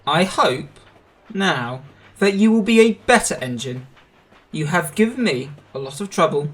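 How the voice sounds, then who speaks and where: A man voicing a stern but fair older railway boss who speaks in a firm, measured way. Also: on the high side, animated.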